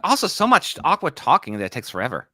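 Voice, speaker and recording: A man co-hosting a live watch-along stream, chatting excitably and grumbling aloud as he tracks what is on screen. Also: on the high side, quick pace, no room sound, studio quality. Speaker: livestream co-host.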